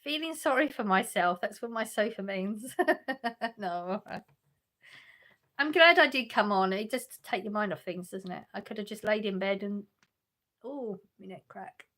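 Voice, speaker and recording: A woman hosting a livestream on her sofa reads and replies to chat messages, laughing often and restarting her sentences. She speaks at a measured pace in a medium-pitched, slightly bright voice.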